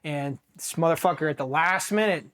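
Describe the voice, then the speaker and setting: Ohio marine vet guy, kinda high voice, swears a lot, blunt candid storytelling. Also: fairly quick. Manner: blunt, profane, animated storyteller. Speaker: Marine veteran telling his story.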